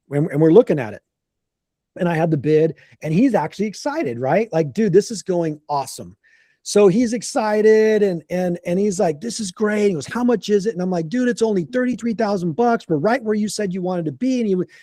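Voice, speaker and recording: A middle-aged man telling a business story on a group call in a casual, animated way, acting out quotes and often repeating words. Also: fairly high pitch, no room sound, studio quality. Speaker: landscaping business coach.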